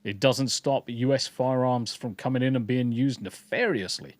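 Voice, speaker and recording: A man's voice: mid-range voice, normal speed, no echo. Male co-host, casual ranting chat, sweary, dry close sound. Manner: blunt, sweary, rambling with restarts. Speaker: podcast co-host. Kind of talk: casual live-stream chat.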